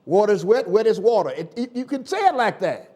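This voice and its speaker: High, lively Southern preacher man. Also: fairly quick, breathy edge. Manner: call-and-response preaching with sudden loud and soft swings. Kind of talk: sermon.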